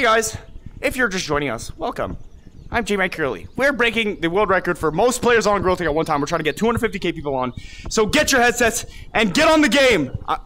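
Brief: young male VR streamer, high and bouncy voice, hyper goofy banter, talking through a headset mic. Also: sharp tone, a little hiss or hum. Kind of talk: VR game live stream.

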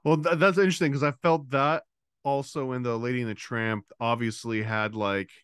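A man's voice: mid-range voice, fairly even intonation, normal speed, fairly bright tone, clean tone, no echo, clean studio sound. A man co-hosting a podcast in casual chat, enthusiastic and talkative with many fillers. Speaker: podcast co-host.

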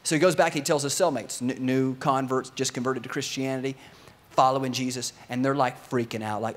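A man preaching a sermon to his congregation, telling a story with lively energy and sometimes acting out the voices of its characters. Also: mid-range voice, a little fast. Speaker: pastor.

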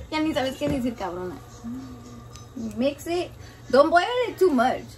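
A woman's voice: high voice, very animated, measured pace, music in the background. A woman hosting a casual cooking video in her home kitchen, swearing freely and mixing Spanish and English in a jokey, candid way. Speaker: cooking vlogger.

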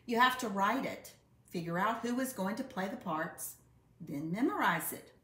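A woman reading a children's picture book aloud with expressive, unhurried storytelling. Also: medium pitch. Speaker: storybook reader. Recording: roomy echo.

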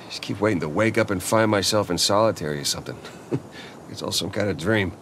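A man's voice: low voice, a little fast. An actor playing an adult male ex-convict brother in a video game, a joker who tells bad jokes. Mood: wistful. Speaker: game character. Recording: game audio with steady noise.

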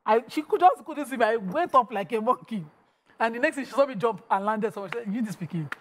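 Animated Nigerian woman telling stories. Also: a little high, fast talker, slight background noise. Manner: animated storyteller, mixes in Nigerian Pidgin. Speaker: co-host. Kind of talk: casual panel chat.

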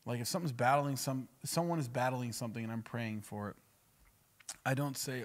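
Male pastor, mid-range voice, talks emphatically in a relaxed podcast chat. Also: medium pitch, brisk. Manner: emphatic, acts out spoken prayers. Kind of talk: conversational podcast teaching.

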